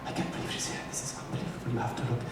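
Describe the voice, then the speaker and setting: A man's voice: racing, heavy background noise, natural voice. A man playing a brash, campy glam rock drag diva who teases her band and audience in live stage musical banter. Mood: wry. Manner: camp, sardonic, teasing the band and audience. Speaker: stage show frontwoman. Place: large theater stage. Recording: echoey live theater from far off with loud audience.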